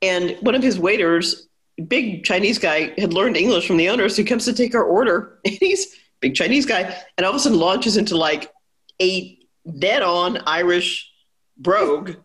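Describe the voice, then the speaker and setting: A woman telling stories in a casual chat, animated and laughing often. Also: medium pitch, normal speed.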